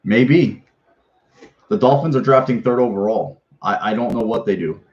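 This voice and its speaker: A man's voice: mid-range voice, normal speed, a little mellow, dull audio. A man hosting a fan sports podcast in a casual, rambling way, swearing freely and restarting his sentences often. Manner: rambling, profane, with many restarts and fillers.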